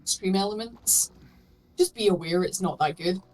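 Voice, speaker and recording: A woman's voice: medium pitch, normal speed, darkish tone, low-quality recording. Chatty woman co-streaming. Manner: chatty, storytelling, swears casually. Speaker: co-streamer guest. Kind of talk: casual chat while gaming.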